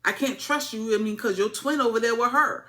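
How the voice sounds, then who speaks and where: A woman's voice: fairly high pitch, a little fast, bright, forceful tone. A woman voicing a pushy male knight who goads and accuses a prince. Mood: goading. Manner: goading, accusing.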